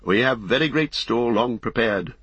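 A man reading a grim messenger rider who reports in urgent tones, with a husky voice. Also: medium pitch, animated, moderate pace, fairly bright tone, no room sound, highs cut off, voice pushed up.

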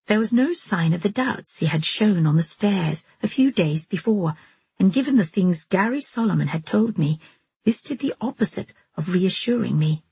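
A woman narrating a novel in the first person, in a steady, measured storytelling manner. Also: medium pitch, husky, no echo. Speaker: audiobook narrator.

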